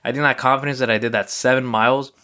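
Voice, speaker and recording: A man's voice: medium pitch, steady tone, fast talker, bright, forceful tone. A man hosting a podcast, telling a loose, rambling personal story in a casual solo monologue, full of fillers. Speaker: podcast host.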